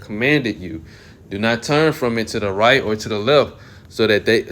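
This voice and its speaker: A man reads scripture aloud and reflects on it in a sermon-like talk. His voice sits at an ordinary pitch, and he keeps clearing his throat and correcting himself mid-phrase. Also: a bit bright. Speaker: Bible teacher. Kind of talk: scripture reading and commentary.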